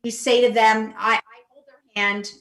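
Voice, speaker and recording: An earnest woman sharing her own experience on a panel, halting and restarting as she goes. Her voice sits a bit high. The room around her sounds echoey over a video call. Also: flat delivery, a bit bright. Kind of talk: panel discussion.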